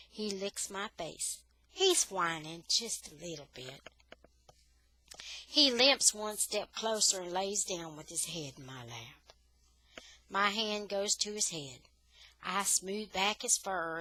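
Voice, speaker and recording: Slow, bright-voiced woman reading a story. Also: medium pitch, no echo, rough recording. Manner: slow, careful, expressive storytelling. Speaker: reader, English tutor. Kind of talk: reading a children's novel aloud.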